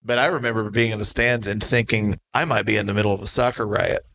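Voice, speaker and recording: A man's voice: lowish voice, fairly even intonation, fast talker, gravelly, pushed and bright, no echo, highs cut off. A man, chatting casually and jokily as a podcast co-host. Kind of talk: casual chat.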